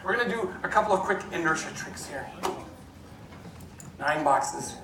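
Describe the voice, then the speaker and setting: A man's voice: on the high side, lively intonation, normal speed. A man doing a playful live comedy science show, talking to the audience with joking asides. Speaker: stage performer. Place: large hall before a live audience. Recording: echoey hall, mic from far off, crowd and noise.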